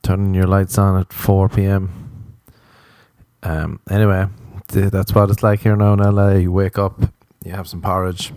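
A man's voice: deep voice, flat delivery, moderate pace, a little mellow, no echo, studio quality. A young Irish man hosting a podcast, ranting in a profane, exasperated, sarcastic comic monologue. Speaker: podcast host. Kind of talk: comedic solo podcast rant.

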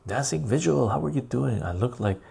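A man's voice: mid-range voice, animated, a little fast, vocal fry, dark tone, breathy edge. A man hosting a live stream, chatting casually and rambling as he reads out and answers viewer comments.

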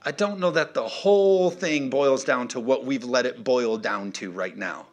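A man preaching in a church, animated, swinging from loud, punchy calls to quiet, joking asides. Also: mid-range voice, normal speed. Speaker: pastor. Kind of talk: sermon.

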